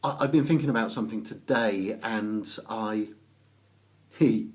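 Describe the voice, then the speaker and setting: A man from Oxfordshire with an English accent, chatting casually on a live stream, greeting viewers by name and pausing often with ums. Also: fairly low pitch, a little mellow. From England. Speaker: business networking author.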